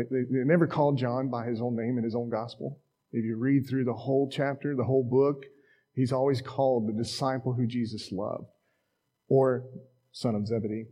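Chatty pastor with a mellow voice. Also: male voice, mid-range voice, husky. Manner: chatty, self-deprecating, acts out quotes. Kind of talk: conversational sermon. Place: church.

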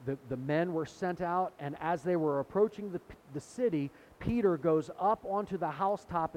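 A man's voice: a little high, darkish tone, a little hiss or hum. A middle-aged man preaching a sermon in a conversational way, retelling scripture and acting out the quotes. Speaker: pastor.

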